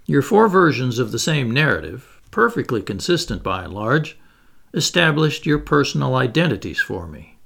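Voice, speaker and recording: A man reading the part of a calm, commanding ship's commander who speaks in a penetrating, precise way. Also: mid-range voice, moderate pace, creaky, exaggerated voice.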